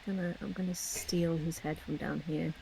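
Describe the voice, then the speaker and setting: A woman's voice: low-pitched, steady tone, normal speed, gravelly, mellow, slight background noise, low-quality recording. A woman co-hosting a drawing stream, making offhand joking asides as she works. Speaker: livestream co-host and artist. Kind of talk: casual chat while drawing.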